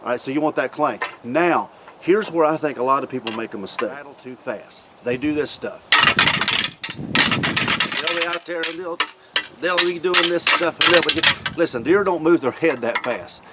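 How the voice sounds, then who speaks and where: A man giving a casual hunting demonstration in a folksy, repetitive way. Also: on the high side. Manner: folksy, repeats himself, pauses to demonstrate. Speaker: hunting video host. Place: outdoors. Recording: loud background noise outdoors.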